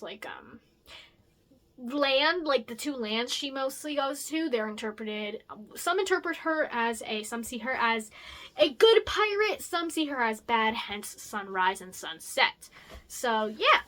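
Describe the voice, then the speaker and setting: Young woman rambling casually, bright higher voice, lots of ums and restarts. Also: unhurried. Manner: rambling, chatty, many fillers and self-corrections; lively and animated, jumps up in pitch and loudness. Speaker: creator presenting her original characters. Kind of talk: casual chat.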